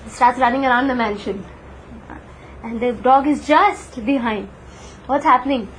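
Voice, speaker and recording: High-voiced woman teaching scripture. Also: moderate pace, fairly bright tone, a little hiss or hum, low-quality recording. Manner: storytelling, asks the class questions. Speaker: Gita class teacher. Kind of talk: devotional scripture class.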